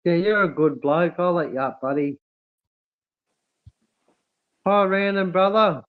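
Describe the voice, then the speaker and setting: A man hosts a casual livestream, reading comments aloud and greeting viewers with effusive warmth. His voice sits a bit high and comes through thin and tinny, like a phone line. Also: measured pace. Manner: warm, effusive, calls everyone mate and brother. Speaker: livestream host.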